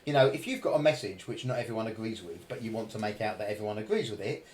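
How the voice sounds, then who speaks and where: A man's voice: on the low side, fast talker, darkish tone, a little hiss or hum. A man hosting a political discussion podcast, leading topics and putting questions to his guests. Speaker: podcast host. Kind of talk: round-table political discussion.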